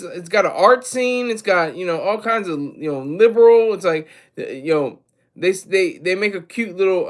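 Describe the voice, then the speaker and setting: A man with a high-pitched voice hosts a casual livestream. He rambles with a lot of energy, restarts his sentences and keeps breaking off to talk to the chat. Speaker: livestream host.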